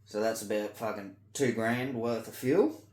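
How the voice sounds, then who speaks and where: A man with an Australian accent in a blunt, sweary rant to camera, swinging between loud outbursts and low mutters. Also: unhurried, echoey room. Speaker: vlogger. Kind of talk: ranting monologue to camera.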